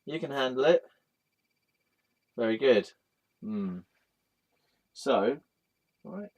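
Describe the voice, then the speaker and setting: A man's voice: medium pitch, expressive, takes it slowly, darkish tone. A man hosting his own vlog, rambling in a casual, joking way and chatting aloud to a picture as if it were a friend. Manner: playful, joking, talks aloud to an image of a deity. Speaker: vlog host.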